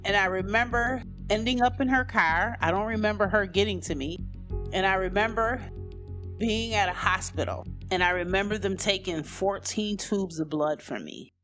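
A woman's voice: mid-range voice, moderate pace, a bit bright, soft background music. Candid woman telling her own story. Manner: candid, loose and conversational, many "you know" and "like" fillers. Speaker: person sharing her own life story. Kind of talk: personal storytelling, unscripted.

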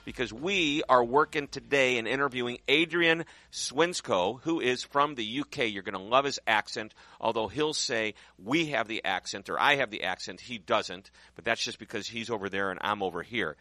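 A man hosting a business radio show, upbeat and excitable, joking with his guest. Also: mid-range voice, moderate pace, few pauses, no room sound. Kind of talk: enthusiastic interview hosting.

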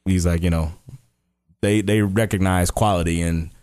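A man's voice: sits low, steady tone, normal speed, darkish tone, clear, resonant tone. A man co-hosting a podcast in a laid-back, slangy casual chat, drawing out his reactions. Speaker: podcast co-host.

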